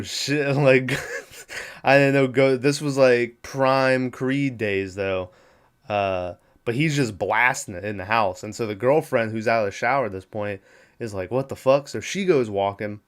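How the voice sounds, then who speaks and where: A man hosting a movie podcast, retelling a film scene in a loose, profane, conversational way. His voice sits at an ordinary middle pitch and comes through clear and smooth. He slips into the characters' lines as he goes. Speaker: podcast host. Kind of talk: casual movie recap.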